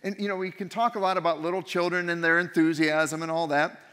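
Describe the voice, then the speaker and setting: A man's voice: fairly high pitch, steady tone, fast, a bit bright, clear, resonant tone. A man preaching a sermon as pastor, talking conversationally with restarts and rhetorical questions. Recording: long hall reverb.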